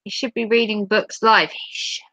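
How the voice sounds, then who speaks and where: Woman, livestream host, playful and giggly, bright sharp tone. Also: mid-range voice, steady tone, normal speed, no echo. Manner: giggly, playful, reacts aloud to chat. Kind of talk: casual live chat reading viewer comments.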